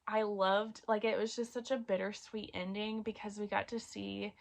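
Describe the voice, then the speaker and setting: A woman's voice: medium pitch, flat delivery, normal speed, vocal fry. A woman casually reviewing romance books she read, chatty with many fillers, getting emotional about a favorite series. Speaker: book reviewer. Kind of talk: casual book review chat.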